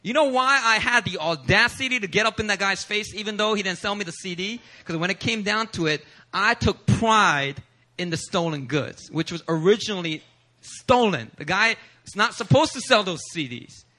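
A man's voice: high voice, normal speed. A male pastor from Philadelphia preaching a sermon in a church service, telling a personal story with humor and acting out quotes. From Philadelphia, USA. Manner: animated, humorous, acts out quotes.

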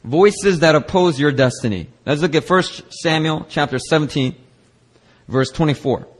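A man's voice: a little high, normal speed. A man preaching a sermon at a church service, reading scripture aloud and acting out nagging voices. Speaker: pastor.

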